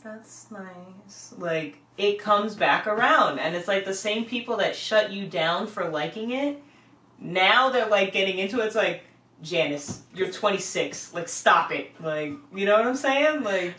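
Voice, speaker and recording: A young woman co-hosts a casual podcast, talking in an animated, rambling way full of fillers. She sits a bit back from the microphone, and the room echoes around her. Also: medium pitch, normal speed, distant mic. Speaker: podcast co-host. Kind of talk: casual chat. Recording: echoey room, away from the mic.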